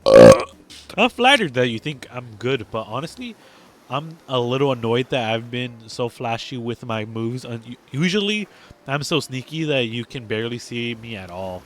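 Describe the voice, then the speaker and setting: Boastful female killer, loud and self-satisfied, voiced by a man reading along. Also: medium pitch, expressive, moderate pace, a little hiss or hum, lightly acted. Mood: flattered.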